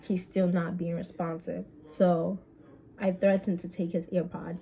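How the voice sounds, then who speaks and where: A young woman vlogger telling a story in casual chat, animated and swearing, with quick bursts and drawn-out words. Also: fairly low pitch, vocal fry.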